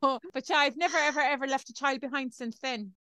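A middle-aged Irish woman in casual chat as a podcast co-host, telling stories about her kids and getting animated in the retelling. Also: high-pitched, quick pace, no echo. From Ireland. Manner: chatty storyteller, animated when telling anecdotes.

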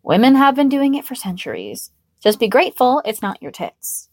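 A woman voicing a cheerful, teasing young female hero who talks in bright, emphatic bursts. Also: on the high side, big pitch swings, normal speed, dry recording, clean studio sound, voice pushed up. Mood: sassy.

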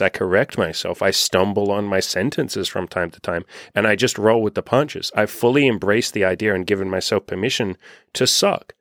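A man's voice: lowish voice, fairly bright tone, dry recording, studio quality. A young man coaching on dating in a loose, unscripted monologue, cursing freely and acting out what people say. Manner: loose and unscripted, swears freely, acts out quoted voices. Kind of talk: casual podcast monologue.

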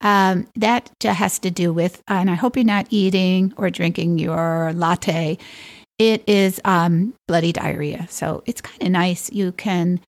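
A woman's voice: on the low side, steady tone, measured pace, no room sound. Wry woman podcaster, dry close mic. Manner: wry, playful, chuckling. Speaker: podcast host. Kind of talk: solo podcast reading a list with wry asides.

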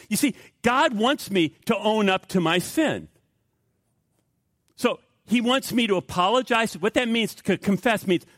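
A man's voice: sits high, sing-song, moderate pace, dry recording, clean studio sound. A middle-aged male pastor preaching a sermon in an emphatic, repetitive way with rising outbursts.

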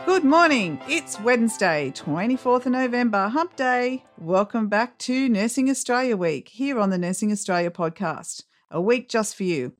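A woman's voice: on the high side, lively intonation, normal speed, few pauses. A woman hosts a podcast in an upbeat way and teases her guests. Faint music sits behind her voice. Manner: upbeat, teasing. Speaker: podcast host. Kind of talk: casual podcast hosting.

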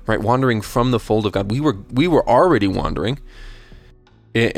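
A man with a lowish voice talks through hymn lyrics and belief in an earnest, thoughtful, conversational way. He restarts phrases often and keeps checking in with the listener. Soft music plays faintly behind him. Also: no room sound. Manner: thoughtful and earnest, with frequent restarts and tag questions. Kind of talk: casual explanation of hymn lyrics and faith.

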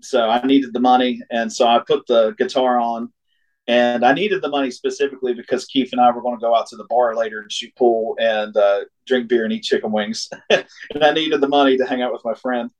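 A man's voice: mid-range voice, fairly quick, low-quality recording. Man telling a road story, laughing often. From Ohio. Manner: animated, laughs often, acts out quoted voices. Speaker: singer-songwriter guest. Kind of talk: casual storytelling.

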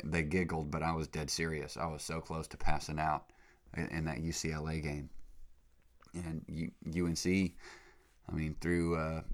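A young man with a cold, hosting a casual podcast monologue in a rambling, excitable way. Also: sits low. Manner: rambling, excitable, full of slang fillers. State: sick, congested. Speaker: podcast host. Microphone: podcast mic.

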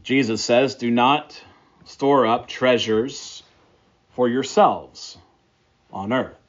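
A man's voice: medium pitch, takes it slowly, muffled recording. A man preaching a sermon, praying and then teaching through a Bible passage with emphatic, repeated phrases. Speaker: pastor.

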